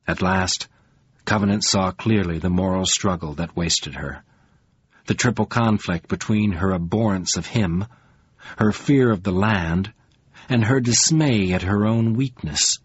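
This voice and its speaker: A man narrating an audiobook in a measured, deliberate reading. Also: low voice, slightly rough. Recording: dull, lo-fi sound.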